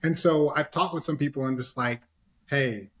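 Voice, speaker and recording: Over a video call, a man with a slightly high voice speaks briskly as a panelist in a casual discussion. He offers earnest advice, packed with fillers and "right?" tag questions.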